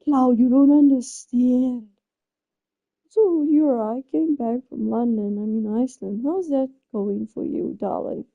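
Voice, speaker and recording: High-voiced girl streaming, flustered and exclaiming, slow and mellow. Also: creaky, narrow, tinny audio. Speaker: live streamer. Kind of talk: casual chat.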